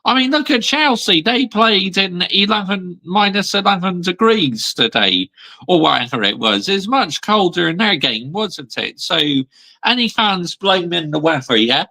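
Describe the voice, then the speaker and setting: A man's voice: high-pitched, very animated, unhurried, pushed and bright, low-quality recording. A man hosting a football channel, delivering a blunt, emphatic fan rant with repeated asides like "yeah?" and "mate". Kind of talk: ranting fan vlog.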